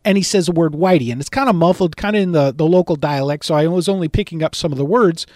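A middle-aged man preaching, telling a story in an animated way and shouting out the quoted lines. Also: a little high, fast talker, no room sound, clean studio sound. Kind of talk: storytelling sermon.

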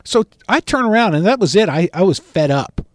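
A middle-aged man preaches in a bright, high voice that swoops up and down. He tells his story with animated energy and booms out the quoted lines. The sound is close and dry. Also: fairly quick, no echo. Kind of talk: storytelling sermon.

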